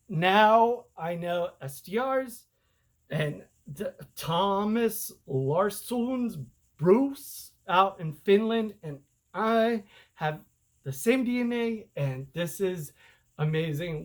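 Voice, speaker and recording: A man talks in a loose, rambling way straight to his audience. He is excitable and slangy, calling people "dude" and "bro". When he feels wronged, his voice jumps sharply up in pitch. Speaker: self-published author and vlogger. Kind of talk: casual rambling monologue to camera.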